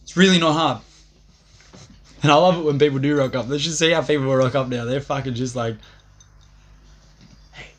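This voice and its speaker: A man's voice: mid-range voice, fairly quick. A young man rambling profanely on a livestream, swaggering and laughing at his own jokes.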